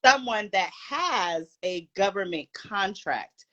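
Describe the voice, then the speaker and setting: A woman's voice: mid-range voice, animated, slow, bright, forceful tone, muffled recording. A woman from Brooklyn co-hosting a podcast live stream, chatting casually with playful, hyped bragging. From Brooklyn, New York. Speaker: podcast co-host.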